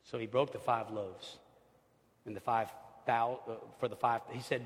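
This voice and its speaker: A man preaching a sermon as pastor, swinging from loud exclamations to hushed, near-whispered lines. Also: medium pitch, fairly even intonation, fairly quick, in a large hall.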